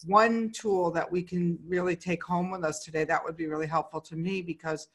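A host in casual conversation, asking the guest to slow down and walk listeners through one exercise. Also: medium pitch, steady tone, a bit bright. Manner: friendly, rambling requests with restarts. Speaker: podcast host. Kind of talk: casual interview chat.

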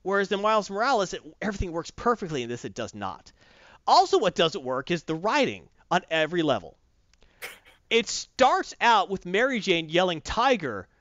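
A man's voice: sits high, sing-song, normal speed, a bit bright, no room sound. A man giving a blunt, profane, mocking review of a comic book in casual chat. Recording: dull dry close-mic sound.

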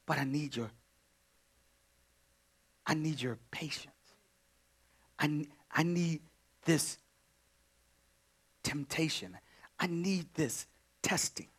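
A male pastor delivering a sermon, dropping to hushed whispers and then rising to shouted cries of praise. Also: a little high, slow pace, pauses often, slightly rough. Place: church sanctuary.

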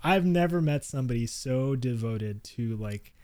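A man's voice: mid-range voice, animated, moderate pace, dark tone, no room sound. A man co-hosting a casual chat, telling stories in an easygoing way and laughing often. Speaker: podcast co-host.

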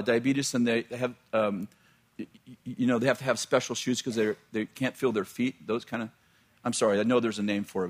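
A middle-aged man, a pastor, telling a personal story in a sermon, chatty and laughing at his own jokes, often breaking off mid-sentence. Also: mid-range voice.

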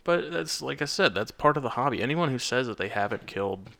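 A young man co-hosting a podcast, chatting casually and rambling through his stories with lots of restarts. His voice has a gravelly grain and a bright, forceful edge. He sounds like an everyday guy talking into a podcast mic. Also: medium pitch, lively intonation, brisk. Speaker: podcast co-host. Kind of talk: casual chat.

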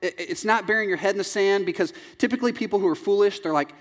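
A man in his thirties preaching a sermon, animated and jokey, acting out little scenes as he tells them. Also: high-pitched, fast talker, few pauses. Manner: animated, jokey storytelling with acted-out quotes. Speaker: pastor. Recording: long reverb in a large hall.

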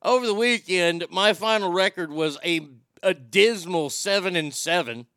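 A man's voice: high-pitched, normal speed, fairly bright tone, smooth, no echo, studio quality. A man hosting a casual live show, reading out viewer greetings and joking back at them. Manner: jokey, reads viewer greetings and answers them. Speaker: show host reading chat messages.

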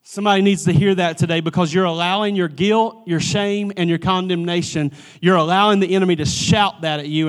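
A man preaching a church sermon, swinging from emphatic pleading to hushed, near-whispered lines and often repeating the first word of a phrase. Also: high voice, steady tone, fairly quick, few pauses, clear, resonant tone. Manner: repeats words at starts of phrases. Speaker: pastor.

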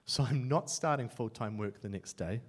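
A young man with a New Zealand accent preaching a sermon, telling his own story with self-mocking humour and swinging between loud and hushed as he voices his thoughts. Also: mid-range voice, normal speed, slightly rough.

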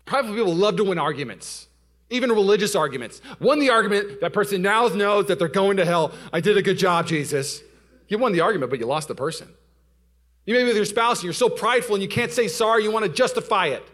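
A young male pastor telling a story in a sermon, swinging from loud outbursts to hushed asides before a congregation. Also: high-pitched, expressive, quick pace. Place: church sanctuary before a live audience.

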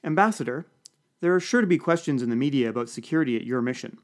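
A man voicing a sharp, condescending female diplomat who speaks in a cool, clipped way. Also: mid-range voice, animated, fast, close to an everyday voice. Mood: persuasive.

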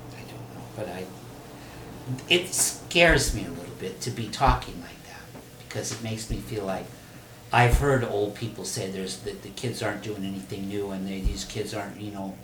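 An older man, a poet and teacher, talking casually in an animated, profane way and laughing often. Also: lowish voice, unhurried, pauses often, distant mic. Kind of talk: casual conversation. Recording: echoey room, off-mic, faint noise.

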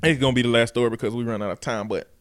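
A man's voice: mid-range voice, fairly even intonation, racing. A middle-aged man hosting a casual talk show, telling stories with profane, emphatic talk. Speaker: podcast host. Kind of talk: casual chat.

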